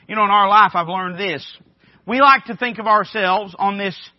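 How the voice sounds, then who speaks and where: A man's voice: high voice, normal speed, dry recording. A man preaching a sermon, his delivery swelling and dropping in emphatic waves. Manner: emphatic preaching with rising and falling intensity. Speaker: pastor. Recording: dull dry sound.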